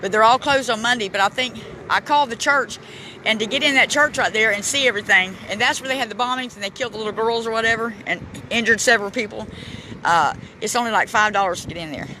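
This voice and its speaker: A high-voiced man narrates a walking vlog outdoors and gets choked up as he reads memorial plaques. His phone recording picks up clear traffic and street noise behind him. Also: bright, forceful tone, poor audio. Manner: emotional, chokes up, reads plaques aloud haltingly. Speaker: vlogger touring a memorial park. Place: outdoor city park. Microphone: handheld phone camera.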